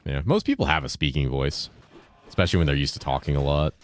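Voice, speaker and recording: A man's voice: extremely low pitch, lively intonation, quick pace. A man in his thirties, a streamer chatting casually and swearing freely as he answers chat, speaking in a carefully enunciated voice with a lifted inflection. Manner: laid-back, profane, reads and answers chat while playing. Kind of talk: casual gaming livestream chat.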